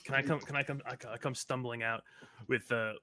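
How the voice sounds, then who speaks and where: A man's voice: medium pitch, fairly even intonation, brisk, pushed and bright. A man playing a tabletop game, playful and rambling, tripping over his words. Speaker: player. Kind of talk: tabletop role-play.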